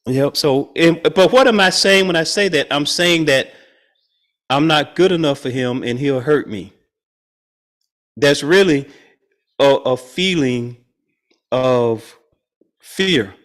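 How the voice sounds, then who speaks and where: A man's voice: on the high side, takes it slowly, pauses often. A man leading a spiritual study group, teaching in a conversational way and chuckling often. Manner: chuckles often, animated and playful.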